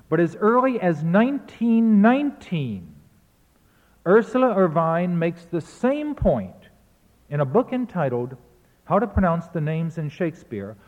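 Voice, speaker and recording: A man's voice: fairly high pitch, a little mellow. Lecturing man, tinny and echoing. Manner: explains verse rhythm, chants beats aloud to demonstrate. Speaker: literature lecturer. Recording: tinny phone-like sound in a reverberant hall.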